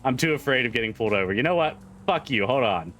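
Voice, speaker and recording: A man's voice: medium pitch, lively intonation, quick pace, fairly bright tone, soft background music. A man streaming a driving game live, chatting casually, swearing and repeating himself as he gets frustrated.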